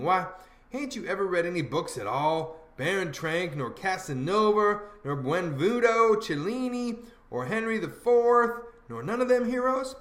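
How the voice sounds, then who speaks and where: A man's voice: fairly high pitch, a bit bright. A man voicing a bossy, know-it-all teenage boy who lectures in folksy dialect, in an audiobook reading. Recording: roomy echo.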